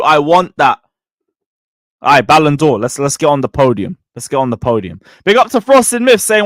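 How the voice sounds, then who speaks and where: Excitable streamer with a lively voice. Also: male voice, fairly high pitch, no echo, clean studio sound. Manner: excitable, mocking banter. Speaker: streamer hosting a live football chat. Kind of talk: live-stream football chat reading super chats.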